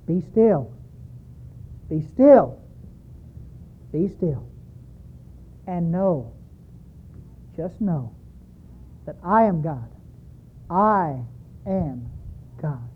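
A preacher voicing God as a calm, commanding presence, speaking slowly and gravely, heard through a tinny, phone-like recording. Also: male voice, extremely high pitch. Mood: solemn. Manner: slow, grave, measured.

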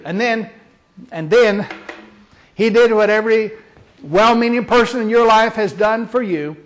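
A man's voice: sits high, a little slow, long pauses. A man minister delivering a sermon with emphatic, dramatic storytelling.

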